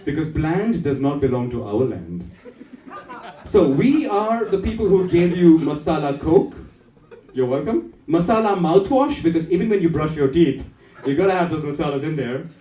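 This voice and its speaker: A man's voice: a little high, animated, normal speed, dark tone. A man from India performing a standup comedy set, playful and often laughing at his own jokes. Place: comedy night in a café. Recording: roomy club with a distant mic.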